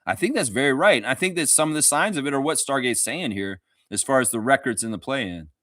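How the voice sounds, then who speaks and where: Male livestream host, casual and animated, bright and forceful voice, dry close sound. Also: mid-range voice, fast talker, dry recording. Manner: animated, profane, talks to chat viewers. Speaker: fan show host.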